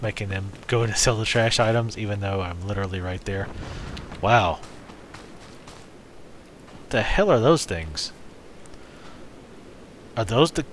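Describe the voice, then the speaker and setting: A man's voice: fairly low pitch, animated, unhurried, long pauses, a little hiss or hum. A man hosting a let's play, giving casual, rambling, jokey commentary while he plays.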